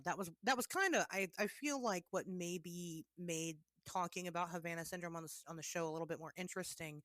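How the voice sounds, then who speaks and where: A woman's voice: fairly low pitch, fairly bright tone, dry recording, studio quality. A woman co-hosting a podcast, chatting casually and hesitantly, often restarting her sentences. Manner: hesitant, many fillers and restarts. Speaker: podcast co-host.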